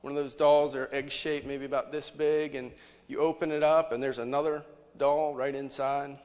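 A man's voice: medium pitch, level tone, normal speed, darkish tone. A man preaching a sermon as pastor, conversational, with many rhetorical questions to the congregation. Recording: long hall reverb.

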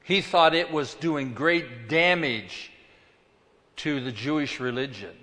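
A man preaching a sermon as pastor, swinging between loud emphasis and quiet asides. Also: medium pitch, slow pace, big-room sound.

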